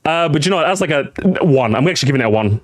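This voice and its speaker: A British man streaming live, reacting to videos and chatting to his viewers in a rambling, animated way. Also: on the high side, very fast, no room sound, clean studio sound. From Britain. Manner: animated, chatty, repeats himself, addresses chat. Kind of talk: casual live-stream commentary.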